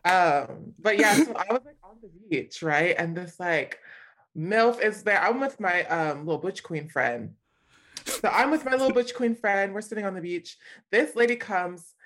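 A woman from California telling a story in a casual, animated way, full of slang and frequent laughter. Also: medium pitch, normal speed, slight background noise. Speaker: guest.

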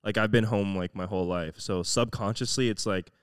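A young man from Florida speaks in a lowish, smooth voice on a podcast. He thinks out loud, hesitant and reflective, filling pauses with "like". The recording is dry and close. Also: fairly even intonation, no echo. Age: young adult. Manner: hesitant, reflective, many "like" fillers. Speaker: podcast co-host. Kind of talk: casual chat.

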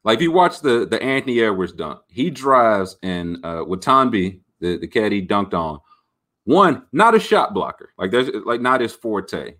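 A man hosting a podcast, rambling about sports in an animated, jokey way. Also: fairly low pitch, normal speed. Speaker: podcast host. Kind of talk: casual sports talk.

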